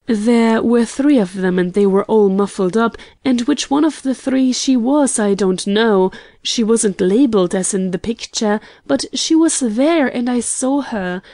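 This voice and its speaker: An eager, lovestruck young gentleman painter, read by a woman in an audiobook. The tone is mellow and the delivery unhurried, and the sound is close and dry. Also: medium pitch, no room sound, lightly acted. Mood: ecstatic. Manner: excitable, tumbling out eager declarations. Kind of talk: audiobook character reading.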